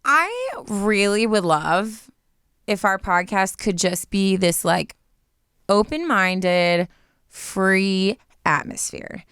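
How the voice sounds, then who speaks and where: A woman's voice: medium pitch, animated, takes it slowly, a bit bright, smooth, no room sound, studio quality. A young adult woman co-hosting a podcast, chatting casually and playfully while reading ads. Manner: playful, giggly, trails into laughs. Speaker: podcast co-host.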